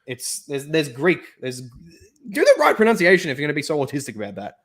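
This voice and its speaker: A man hosting a casual live stream, chatting in a jokey, animated way with frequent restarts. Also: mid-range voice, quick pace. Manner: jokey, animated, often laughs, many restarts. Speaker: stream host.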